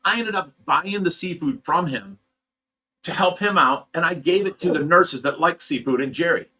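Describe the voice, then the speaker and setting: A man's voice: fairly high pitch, normal speed, pushed and bright. A middle-aged man from Ohio who runs a fish rescue, venting at home in a casual, agitated monologue, stumbling over repeated words. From Ohio, USA.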